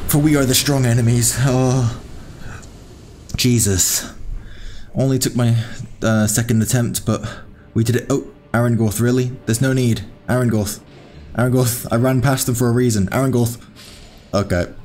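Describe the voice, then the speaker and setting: A young man giving excitable, swearing commentary while playing a game, yelling at enemies. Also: medium pitch, unhurried, faint music behind. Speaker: gaming YouTuber. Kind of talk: live gameplay commentary.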